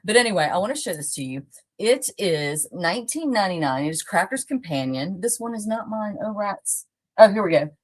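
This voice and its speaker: Brisk no-nonsense woman shop host. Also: mid-range voice, lively intonation. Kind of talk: live product showcase chat.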